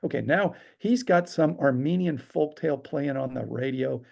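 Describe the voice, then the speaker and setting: Brief: male podcast guest, dark gravelly voice, animated raconteur. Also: medium pitch, normal speed. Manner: lively storyteller acting out quotes. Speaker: storyteller guest. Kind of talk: animated anecdote telling.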